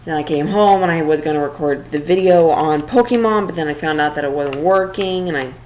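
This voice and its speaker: A woman with a deep, darkish voice speaks briskly on a recording with the highs cut off and slight background noise. Giving casual let's-play commentary while building, she rambles, sounds a little flustered and self-deprecating, and is tired late at night.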